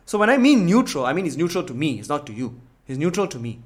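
A man's voice: fairly high pitch, sing-song, fast. A man from Singapore whose first language is Tamil, speaking English with a slight Indian accent and rolled R's, reflective and casual. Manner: reflective, rolled R's, frequent "you know". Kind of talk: casual conversation.

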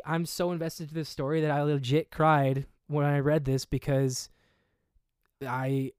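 Man co-host, smooth clear voice, dry close sound, rambly animated storytelling. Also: fairly high pitch, measured pace, no room sound. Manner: animated storytelling with many fillers and restarts. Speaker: podcast co-host. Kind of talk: casual chat.

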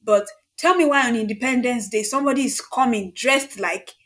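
A young woman talks in a casual podcast chat. Her voice sits fairly high, and she presses her points hard, repeating them for stress. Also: fairly quick, fairly bright tone. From Nigeria. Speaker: podcast co-host.

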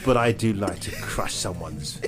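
Dry, teasing man with a low voice. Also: normal speed, music in the background. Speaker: podcast co-host. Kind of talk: casual comedy chat.

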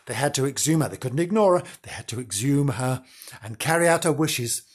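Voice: mid-range voice, animated, brisk, breathy edge. A podcast host telling a ghost story in a theatrical, gasping way, often repeating words and breaking off mid-sentence. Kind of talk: casual ghost-story narration.

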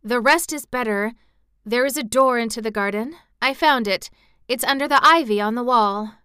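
A frank, insistent little girl from a storybook, put on by a woman reading aloud. She sounds earnest and sour-tempered, with a bright, crystal-clear tone. The voice sits close and dry. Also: medium pitch, animated, moderate pace, no room sound. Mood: urgent.

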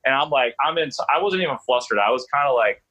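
A man's voice: medium pitch, fast talker, slightly rough, highs cut off. A middle-aged man, a sports reporter telling stories as a guest in a casual radio chat. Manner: animated storyteller, acts out quotes.

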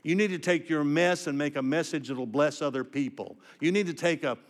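A man's voice: a little high, a little fast, lightly acted. A man voicing God as a firm fatherly deity. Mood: firm exhortation. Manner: firm, earnest, exhorting. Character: voice of God, a fatherly male deity gently correcting.

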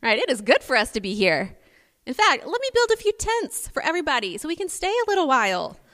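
A woman voicing an eager, excited young male disciple, gushing and bubbly during a sermon. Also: high voice, a little fast, pitched above the performer's own voice, exaggerated voice. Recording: long hall reverb.

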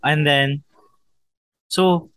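A man's voice: fairly high pitch, fairly even intonation, very slow, fairly bright tone, clean tone, no room sound. A young man hosting a casual podcast chat, mixing in Tagalog and laughing often. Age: young adult. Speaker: podcast host.

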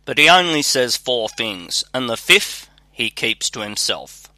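A man reading out a crafty little peasant from a storybook, unhurried and bright-toned, in a dry close sound. the reading stays plain and even. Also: mid-range voice, dry recording, exaggerated voice. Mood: sly. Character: sly clever little male peasant.

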